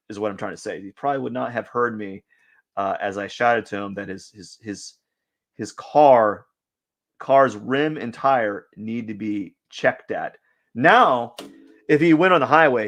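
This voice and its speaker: A man streaming his drawing session live, talking casually and rambling through a story. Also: mid-range voice. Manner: rambling, many restarts and fillers.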